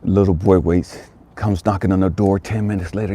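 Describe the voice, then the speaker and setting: Husky, low-voiced male motivational storyteller, emphatic and repetitive. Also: steady tone, moderate pace, mellow. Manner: emphatic, repeats phrases for effect. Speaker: motivational speaker.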